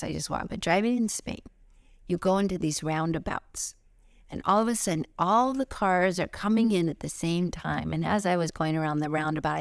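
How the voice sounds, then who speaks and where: Middle-aged woman, spiritual teacher outdoors; low and gravelly, close and dry, animated with hushed asides. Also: dry recording. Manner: expressive, swings into high excited bursts and soft whispers. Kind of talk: spiritual lesson talk.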